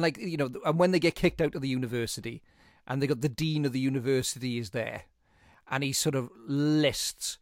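A man's voice: medium pitch, no echo, studio quality. A man hosting a podcast, chatting enthusiastically about a film and rambling through restarts. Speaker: podcast host. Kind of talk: casual film chat.

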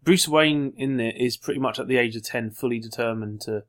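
A man who talks fast in a mid-range voice, keen to jump in with opinions and details. His chat is loose and argumentative without being heated. He sounds relaxed among friends. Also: medium pitch. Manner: chatty, quick to argue and add details. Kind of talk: casual chat.

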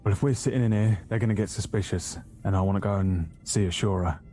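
A man's voice: on the low side, steady tone, quick pace, mellow. A man talking casually and hesitantly as a player in a tabletop role-play. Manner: casual, hesitant, plain-spoken.

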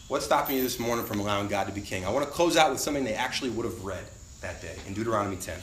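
Animated male pastor preaching in a roomy church. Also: medium pitch, fast, a little hiss or hum. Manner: animated, acts out quoted voices. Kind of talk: sermon. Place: church sanctuary.

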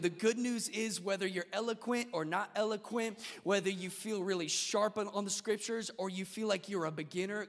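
A male pastor preaching a sermon in an energetic, humorous, conversational way. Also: sits high, creaky. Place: church sanctuary. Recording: reverberant church hall.

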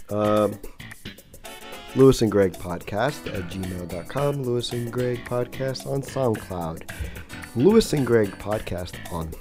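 Man, podcast co-host, low mellow voice, brief easy replies, faint music. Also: animated, slow, long pauses. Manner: laid-back, brief replies. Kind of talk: casual chat.

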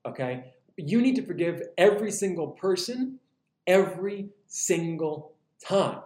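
A man voicing a stern male teacher who delivers a firm, emphatic warning, slowing down to make it land. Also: high voice, lively intonation, a little mellow, voice pushed up. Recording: roomy echo.

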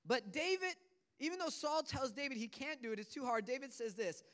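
A man's voice: very high voice, expressive, fairly quick, fairly bright tone. A man preaching a sermon, retelling a scripture story in earnest, casual storytelling words. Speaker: pastor.

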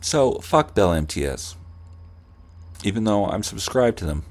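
Low-voiced man in a profane rant. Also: sing-song, measured pace, long pauses, a little mellow. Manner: ranting, swearing, mock voices. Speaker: podcast host.

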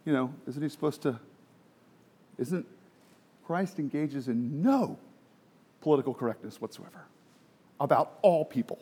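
A man's voice: medium pitch, animated, a little slow, pauses often, mellow, husky. A man preaching a sermon, emphatic and full of rhetorical questions, sometimes dropping to a near whisper.

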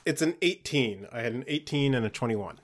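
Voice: mid-range voice, expressive, fairly quick. A player in a tabletop game, talking casually and animatedly.

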